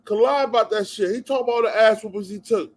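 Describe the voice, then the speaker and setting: A man from New Jersey rants to camera as a vlog commentator in a high, fast voice. His profane rant is heated and repetitive, punctuated with "yo" and "bruh".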